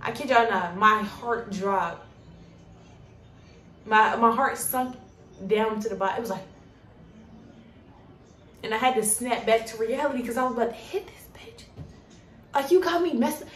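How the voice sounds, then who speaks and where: A young woman tells a storytime in a blunt, animated way, swearing freely. Her voice sits a little high. She is recorded from a distance in an echoey room with faint noise behind her. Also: unhurried, long pauses. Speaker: coffee shop worker. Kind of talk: casual storytime.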